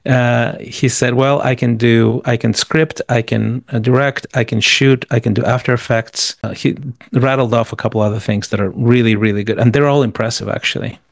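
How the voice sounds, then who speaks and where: A man's voice: medium pitch, gravelly, no echo. A man answering interview questions with motivational business advice, emphatic and repeating words as he rattles off lists. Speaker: guest.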